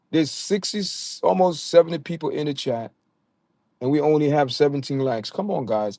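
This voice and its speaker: A man's voice: a little high, darkish tone, no room sound, studio quality. A man with a Jamaican accent hosting a casual livestream, talking straight to his chat viewers and often stammering and repeating words. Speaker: livestream host.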